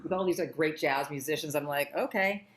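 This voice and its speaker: A middle-aged woman, a podcast guest, telling a story with animated, acted-out quotes. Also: low voice, a little fast. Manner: acts out quotes in lively voices. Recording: echoey room.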